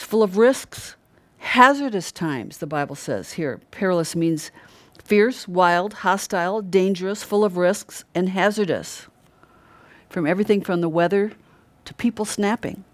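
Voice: mid-range voice, dry recording. A middle-aged preacher giving an earnest, conversational sermon and stressing key words by repeating them. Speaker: Christian preacher.

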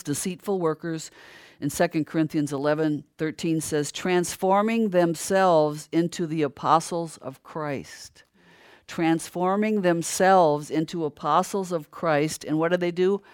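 Older preacher, dry close sound, rhetorical questions, heats up as the point builds. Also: no echo. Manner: asks rhetorical questions and answers them; grows louder and higher when stirred. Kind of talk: sermon.

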